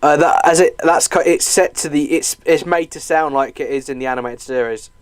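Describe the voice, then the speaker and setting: Young guy yakking over a movie, kinda high voice, dry close sound, lots of ums and swearing. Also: brisk, dry recording. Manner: chatty, swears, laughs often, hesitant fillers. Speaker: movie commentary host. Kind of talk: casual movie commentary.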